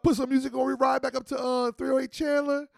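Fast-talking gravelly New man. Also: very high voice. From New Jersey. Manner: animated, profane street-slang storytelling. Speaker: podcast host. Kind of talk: casual storytelling chat.

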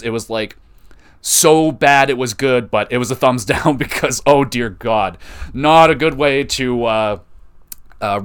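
A man hosting a podcast, reviewing wrestling shows in an excitable, casual way, laughing and swearing freely. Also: mid-range voice, clean tone. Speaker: podcast host.

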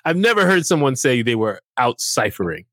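Animated man in his fifties telling stories. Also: medium pitch, brisk, no room sound, clean studio sound. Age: 50s. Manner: animated, acts out what others said. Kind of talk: casual storytelling.

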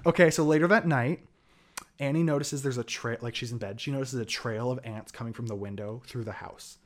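A man's voice: mid-range voice, moderate pace. A young man hosting a podcast, recapping a plot in a loose, rambling way full of "like" and "whatever". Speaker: podcast host.

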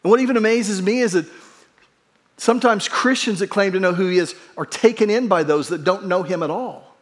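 Middle-aged pastor guy, pretty high voice, chatty sermon, funny story, pokes fun at himself. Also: a little fast. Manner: humorous personal storytelling. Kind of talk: conversational sermon.

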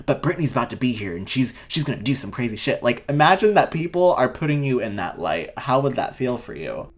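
A young woman co-hosting a casual chat, talking in an emphatic, heated way and swearing freely. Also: low-pitched.

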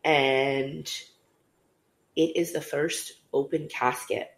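A woman's voice: deep voice, steady tone, very slow. A young woman casually telling a candid story on a podcast, with many fillers. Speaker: podcast co-host. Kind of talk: casual conversation. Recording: roomy echo.

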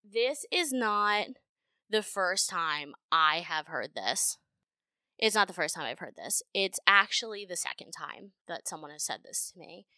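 A young adult woman hosting her own podcast, talking in a blunt, profane and animated way with frequent laughter. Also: on the low side, unhurried, no room sound. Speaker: podcast host. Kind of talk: casual solo podcast monologue. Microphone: home podcast microphone.

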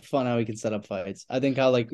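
A man as a guest on a casual podcast chat, hesitant and full of fillers, rushing when he gets going. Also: medium pitch, fairly even intonation, darkish tone.

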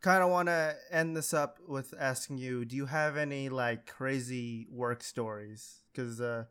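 Man, podcast host, smooth clear voice, mid pitch, relaxed questions. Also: measured pace. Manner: relaxed, asks questions, laughs easily. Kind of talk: casual podcast chat.

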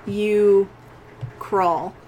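A woman narrating as game master, describing scenes slowly and deliberately and often laughing. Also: mid-range voice, fairly even intonation, dark tone, a little hiss or hum, low-quality recording.

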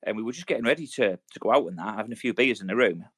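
A man's voice: lowish voice, lively intonation, racing, a bit bright, breathy edge. A man, an ex-soldier co-hosting a podcast, telling sweary stories in casual chat and acting out quotes. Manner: sweary storytelling, acts out quotes.

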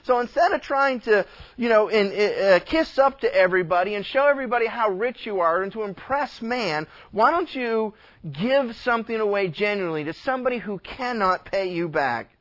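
A man's voice: high-pitched, lively intonation, normal speed, a bit bright. A man pastor preaching a sermon in a folksy, conversational way. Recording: dull lo-fi recording.

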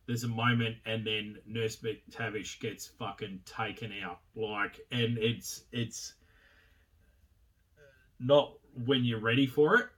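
A man's voice: on the low side, fairly even intonation, slow pace, a bit bright, recorded from a distance. A man giving a rambling, casual film review, full of swearing, fillers and chuckles.

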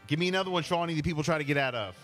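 A man's voice: on the high side, rapid-fire, over music. A man hosting a call-in game show on the radio, upbeat and laughing easily.

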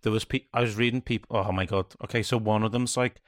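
A man co-hosting a casual podcast, blunt and sweary, retelling things quickly. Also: lowish voice, steady tone, no room sound, clean studio sound. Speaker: podcast co-host. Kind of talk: casual chat about video games.

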